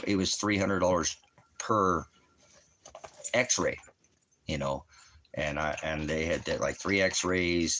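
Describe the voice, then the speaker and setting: Low-voiced man rambling casually. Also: a bit bright, a little hiss or hum. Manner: rambling and halting, trails off. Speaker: vlogger. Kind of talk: casual personal talk to camera. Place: at home indoors.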